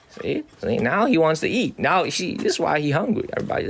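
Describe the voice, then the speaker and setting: A man from Chicago hosting a casual livestream outdoors on city streets. He sounds excitable and repetitive, ending sentences with "man". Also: a little high, a little fast, gravelly, few pauses, slightly rough. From Chicago, USA. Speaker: livestream host.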